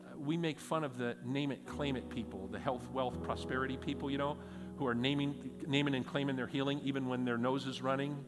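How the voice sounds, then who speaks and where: A middle-aged man pastor preaching a sermon, telling stories with animated emphatic peaks. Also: medium pitch, fairly quick, few pauses, long reverb tail, over loud music. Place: church hall.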